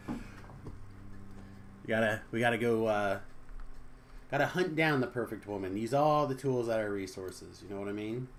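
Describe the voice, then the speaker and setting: A young man chatting casually with viewers on a live game stream, joking and trailing off into quiet asides. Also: lowish voice, unhurried, pauses often, slight background noise.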